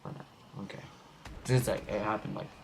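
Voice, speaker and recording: Young man, gaming commentary, gravelly low-ish voice, goofy rambling, faint background noise. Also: fairly even intonation, a little fast. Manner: rambling, goofy, easily sidetracked. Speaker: gaming channel host. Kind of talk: casual gameplay commentary.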